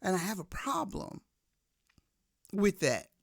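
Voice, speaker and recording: A woman giving a faith-based motivational talk in a casual, conversational way, shifting from soft reflection to emphatic storytelling. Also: mid-range voice, sing-song, takes it slowly, vocal fry, no echo, clean studio sound. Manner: casual, conversational, addresses listener directly. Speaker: motivational speaker.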